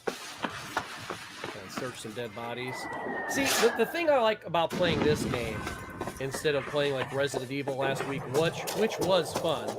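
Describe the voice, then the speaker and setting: A man hosting a livestream and giving casual gameplay commentary, excitable and joking, swearing at the game now and then. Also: medium pitch, a little slow, very noisy. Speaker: livestream gamer host.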